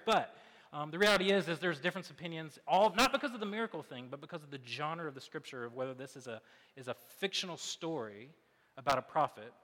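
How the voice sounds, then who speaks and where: A man in his thirties preaching a sermon in a loose, conversational way, full of fillers and quick asides. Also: on the high side, sharp tone. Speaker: pastor. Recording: long hall reverb.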